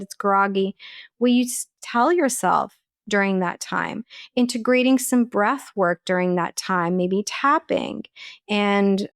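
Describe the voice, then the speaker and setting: A woman's voice: medium pitch, smooth, no echo, studio quality. Earnest woman giving practical wellness advice. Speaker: holistic nutritionist and life coach, podcast guest. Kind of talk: conversational advice in an interview.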